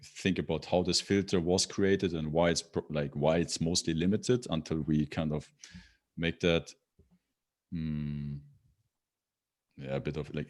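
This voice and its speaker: Low-voiced man, halting and full of fillers. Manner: halting, many fillers and restarts. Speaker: podcast guest. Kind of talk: casual interview chat.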